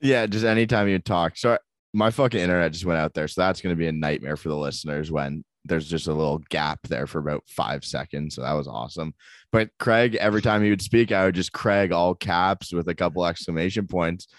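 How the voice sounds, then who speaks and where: A man co-hosting a sports podcast in casual chat, talking in a laid-back, deadpan, profane way. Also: deep voice, fairly quick, no room sound, studio quality. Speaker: podcast co-host.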